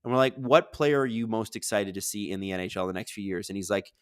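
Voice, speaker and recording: Quick and resonant, this man's lowish voice comes through clearly in a clean studio recording with no room sound. Running a hockey watch-along stream, he rambles energetically between game commentary and casual chat, reading out questions from viewers.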